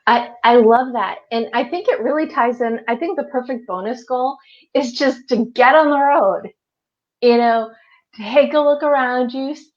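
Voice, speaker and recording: An upbeat, encouraging woman with a fairly high voice hosts a live online interview and laughs easily. The sound is a little muffled, like a web stream. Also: moderate pace. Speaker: host.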